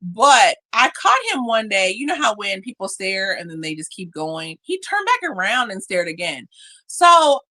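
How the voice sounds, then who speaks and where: A bright, forward-sounding woman co-hosting a casual podcast. Her pitch swoops up and down as she tells stories, and she acts out quoted lines with a lot of expression. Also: normal speed. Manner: animated storyteller, acts out quotes. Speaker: podcast co-host. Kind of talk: casual chat. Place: living in Japan.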